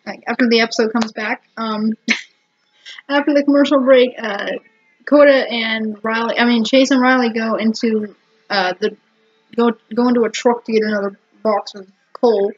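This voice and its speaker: A woman with a fairly high, slightly rough voice chats casually to the camera as a vlogger reviewing a TV episode. She rambles and giggles, using lots of fillers and restarting often. The home recording sounds dull and lo-fi.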